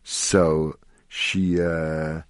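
A man's voice: very deep voice, level tone, very slow, no room sound, studio quality. A middle-aged man, a rabbi hosting a Torah talk radio show, telling stories sprinkled with Hebrew and Yiddish terms.

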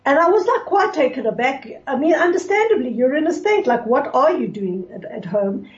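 Earnest woman radio host, slightly high voice. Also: sing-song, moderate pace, highs cut off. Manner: earnest, storytelling, frequent fillers and restarts. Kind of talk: reflective radio talk on religious law.

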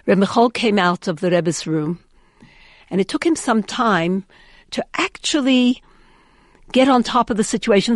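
An earnest woman tells an uplifting story, leaning on repeated words for emphasis. Her voice is mid-pitched and recorded dry and close, with no room echo. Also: a little slow, long pauses. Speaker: inspirational speaker. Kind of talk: inspirational storytelling talk.

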